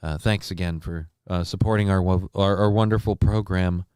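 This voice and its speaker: A man hosting a livestream show, talking in a casual, rambling way with frequent swearing and halting fillers. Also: low-pitched, steady tone, a little mellow, clean tone, no room sound.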